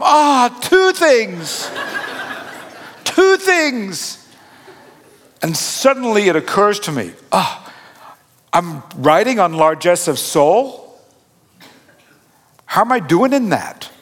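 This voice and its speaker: A middle-aged man gives a sermon in a chatty, self-deprecating storytelling manner. His voice sits a little high for a man and turns animated when he acts out the scene. The sound carries a long echo, as if from a large church hall. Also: a little slow, long pauses. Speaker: pastor.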